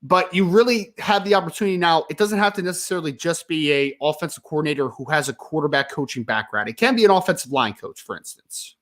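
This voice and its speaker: A man hosting a live sports talk stream, ranting with frustration and emphasis, apologizing and calming down, then reading viewer questions. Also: a little high, quick pace, hardly any pauses. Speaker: sports podcast host.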